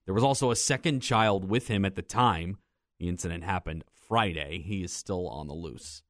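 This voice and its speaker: A man reading the news on a morning radio show in the studio, with brisk, even delivery. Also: sits low, no echo. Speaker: news reader. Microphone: studio microphone.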